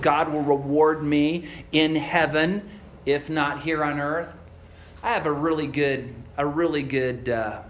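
A male pastor preaching a sermon, asking rhetorical questions and telling stories in an animated way. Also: on the high side, a little hiss or hum.

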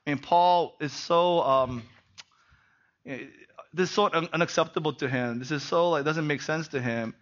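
A middle-aged man preaching a sermon as pastor, animated and peppered with rhetorical "right?" asides. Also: fairly high pitch, measured pace, dull audio.

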